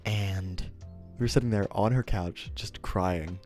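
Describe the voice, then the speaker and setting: Young male streamer, low register, loose self-interrupting storyteller, light music bed. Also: unhurried, darkish tone. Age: young adult. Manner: rambling, self-interrupting, laughs at himself. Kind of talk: casual storytelling to chat.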